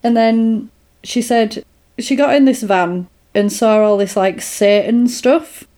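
A woman's voice: on the high side, slow pace, warm tone. A woman casually retelling a film plot in a chatty podcast, with lots of fillers.

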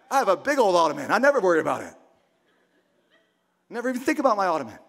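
High-voiced pastor preaching with big swings. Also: male voice, big pitch swings, quick pace, long pauses. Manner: emphatic preaching with repetition, swings from loud shouts to hushed near-whispers. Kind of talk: sermon.

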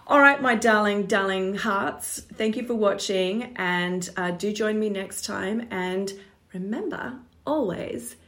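A woman's voice: medium pitch, fairly even intonation, measured pace, hardly any pauses, fairly bright tone. A woman giving a casual spiritual coaching talk to her viewers. She is affectionate and encouraging, uses pet names for them, and keeps checking in with "right?" and "okay?". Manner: loose and chatty, with frequent check-ins like right and okay. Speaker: human design coach.

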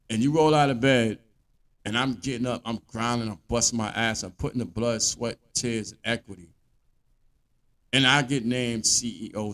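A blunt, profane man rants his way through a monologue as a podcast host. His pitch swings up and down with lively emphasis, and he sits right in the middle of the male range.

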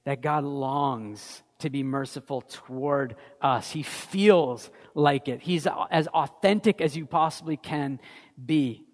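A man's voice: medium pitch, takes it slowly. Man preaching in a reverberant hall. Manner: conversational, anecdotal, animated storytelling. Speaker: pastor. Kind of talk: sermon.

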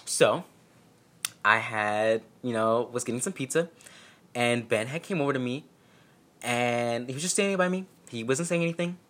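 Young man, bright forceful voice, casual storytime, swears freely, jokes about himself. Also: medium pitch, moderate pace. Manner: candid, profane, self-mocking humor.

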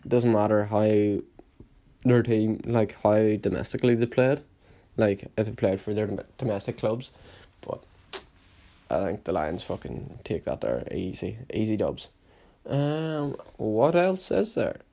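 A young man hosting a solo podcast, rambling casually with heavy swearing and sudden loud hype bursts. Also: lowish voice, expressive, measured pace, gravelly. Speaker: podcast host.

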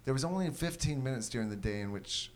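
A man's voice: medium pitch, animated, fast. A man co-hosting a podcast, rambling in crude casual banter and laughing at his own jokes. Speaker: podcast co-host.

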